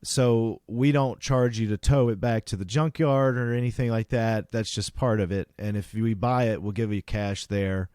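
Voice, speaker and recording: A man's voice: fairly low pitch, steady tone, normal speed, hardly any pauses, a little mellow, clear, resonant tone, dry recording. Rambling storyteller man, dry mic. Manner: rambling storyteller, acting out both sides of dialogue. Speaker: podcast co-host. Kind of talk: casual storytelling chat.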